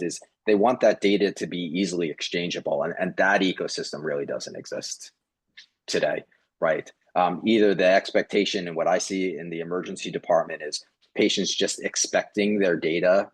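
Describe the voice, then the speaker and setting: A man's voice: deep voice, breathy edge, no room sound. A man who works as a physician, speaking as a panelist and explaining points in a thoughtful way. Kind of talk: panel discussion.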